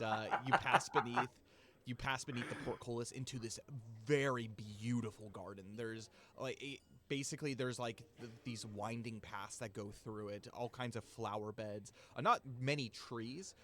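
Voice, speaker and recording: A man running a tabletop game as game master, describing scenes in loose, filler-heavy narration and dropping into quick voices for the characters. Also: medium pitch, steady tone, fairly bright tone, slight background noise.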